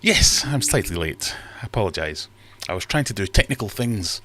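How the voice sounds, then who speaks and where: Deep-voiced man hosting a stream. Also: very animated, moderate pace, bright, forceful tone, slight background noise. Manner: rambling, self-deprecating, reads chat aloud. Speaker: livestream host. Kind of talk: casual livestream chat. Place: fish room at home.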